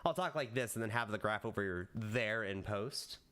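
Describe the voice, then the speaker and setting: A man streaming live, chatting casually with viewers and rehearsing lines for a video, jumping into high excited bursts and then dropping to low mutters. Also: normal speed. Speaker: VTuber streamer.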